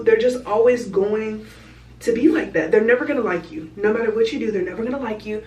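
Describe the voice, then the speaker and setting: A woman's voice: a little high, fast, darkish tone, echoey room, recorded from a distance, poor audio. A young woman vlogging in casual, candid chat, speaking plainly and peppering her talk with "like". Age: young adult. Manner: chatty, candid, fillers of "like".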